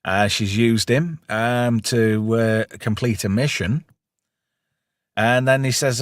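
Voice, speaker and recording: A man's voice: mid-range voice, unhurried, dry recording, studio quality. A man hosting a casual film review chat, retelling the plot and quoting lines with gusto. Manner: recaps plot with lively quoted lines and frequent laughs. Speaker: podcast host.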